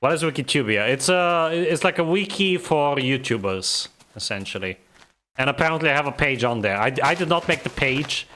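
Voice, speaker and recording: Bright-voiced young man with a vague Eastern European accent. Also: on the high side, animated, normal speed. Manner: rambling, joking, laughs often. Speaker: gaming streamer. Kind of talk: casual live gameplay commentary.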